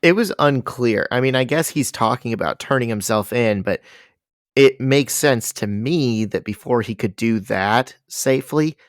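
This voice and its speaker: A man's voice: mid-range voice, animated, a little slow, no echo, clean studio sound. Laid-back male podcast co-host. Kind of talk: casual chat.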